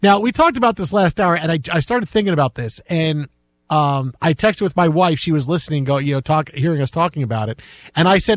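A middle-aged man hosting a sports radio show, telling stories in a casual, animated way and acting out quotes in a high voice. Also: quick pace, no room sound.

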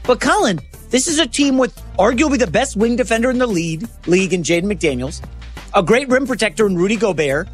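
High-voiced chatty male sports co-host. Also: animated, fairly quick, soft background music. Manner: conversational, sets up topics. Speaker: sports talk show co-host. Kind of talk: casual sports chat.

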